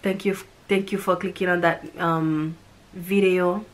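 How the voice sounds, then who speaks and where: A woman's voice: lowish voice, fairly even intonation, measured pace. A woman casually reviewing a movie, gushing and repeating the same words of praise again and again. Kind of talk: casual chat.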